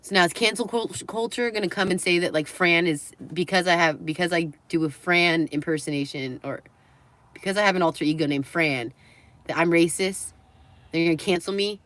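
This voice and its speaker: A woman's voice: lowish voice, brisk, a bit bright, no room sound. A woman livestreaming to her viewers, chatting in a rambling way, laughing often and swearing freely. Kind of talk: rambling live-stream chat.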